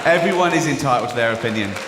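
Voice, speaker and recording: A man's voice: mid-range voice, expressive, racing, long reverb tail, over a noisy crowd, very noisy. A middle-aged Englishman with an English accent doing a mocking stand-up comedy routine. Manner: mocking, sardonic, acts out characters in the bits.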